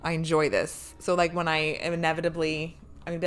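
A woman's voice: low voice, level tone, fast talker, clean tone. A woman streamer talking casually with her viewers, joking and swearing freely.

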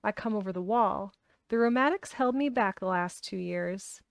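A gruff old man from the dales talks in a dry, blunt country way. He is voiced by a woman reading a storybook aloud. The sound is close and dry. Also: mid-range voice, moderate pace, dry recording, natural voice. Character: crabbed old male gardener, dry and gruff.

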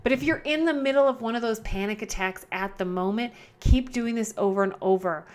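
A woman hosting her own podcast from home, chatting casually and repeating herself, often slowing down on purpose. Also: a little high. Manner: chatty, repetitive, self-correcting, slows down to model calm breathing. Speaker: podcast host. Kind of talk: casual solo podcast talk. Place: at home indoors. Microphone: camera close by.

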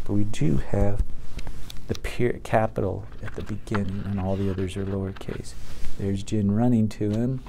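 A man's voice: on the low side, steady tone, normal speed, gravelly, dark tone, a little hiss or hum. A man teaching a reading lesson to young children, patiently sounding out words and reading aloud from a picture book.

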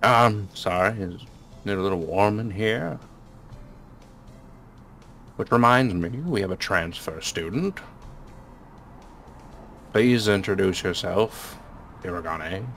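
A man's voice: on the low side, slow pace, pauses often, fairly bright tone, soft background music. A man voicing a sleepy old male quail math teacher who drowses mid-sentence. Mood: drowsy. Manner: drowsy, mumbling.

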